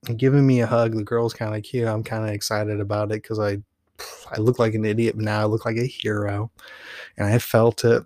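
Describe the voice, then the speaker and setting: Animated man telling a story. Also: on the low side, fairly quick, no echo, clean studio sound. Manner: animated, rambling, frequent fillers. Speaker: podcast host. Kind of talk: casual personal storytelling.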